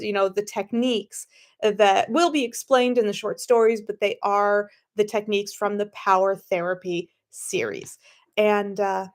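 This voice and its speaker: A woman, the author of the story, who gives a chatty summary with fillers and restarts and then reads her story aloud. She is slightly sniffly and not a professional narrator. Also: a little high. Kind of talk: casual story introduction and reading.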